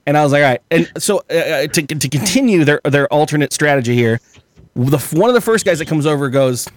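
A man's voice: a little high, lively intonation, a little fast, no room sound. A man telling a long story on a podcast in a profane, rambling way, often laughing as he talks. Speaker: podcast guest. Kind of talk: casual storytelling.

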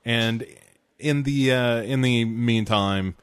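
A man hosting a casual film review, talking in a rambling, relaxed way with lots of "uh" and "um". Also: mid-range voice, slow, clean tone. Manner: rambling, relaxed, many fillers. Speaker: podcast host reviewing films. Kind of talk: casual chat.

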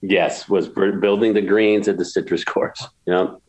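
A man's voice: low-pitched, fairly even intonation, unhurried, a little mellow, rough recording. A man in his sixties from upstate New York, telling emotional stories in an interview with many restarts and repeats. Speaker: golf course builder, guest. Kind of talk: storytelling interview.

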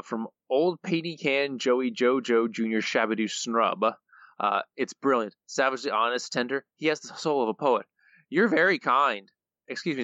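A man's voice: medium pitch, sharp tone, no room sound, muffled recording. A man co-hosting a podcast, reading out listener quotes in a playful way and laughing often. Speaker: podcast co-host.

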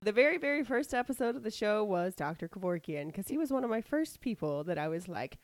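A woman's voice: mid-range voice, big pitch swings, fairly quick, no room sound. A woman co-hosting a podcast in casual, playful banter, laughing often. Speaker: podcast co-host. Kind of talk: casual chat.

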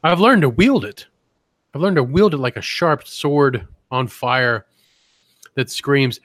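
A man's voice: mid-range voice, expressive, takes it slowly, a bit bright, dry recording. Rambling, crude podcast co-host, a man. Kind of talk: casual comedy podcast chat.

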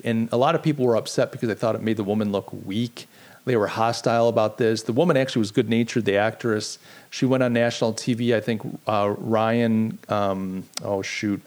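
A man's voice: medium pitch, a little mellow. A middle-aged man hosting a live-streamed podcast, chatting casually, rambling and poking fun at himself while answering his live chat. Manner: rambling, self-deprecating, talks to live chat. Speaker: podcast host.

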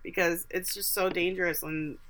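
Podcast co-host, female, bright lower-pitched voice, breezy filler-heavy recap delivery. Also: fairly even intonation, normal speed. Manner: chatty, retells scenes with quoted asides and many fillers. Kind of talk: casual recap chat.

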